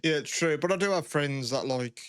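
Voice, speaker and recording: Smooth-voiced man rambling casually. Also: fairly high pitch, normal speed, fairly bright tone, no echo, clean studio sound. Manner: rambling, heavy swearing and filler "like". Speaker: podcast co-host. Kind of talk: casual chat.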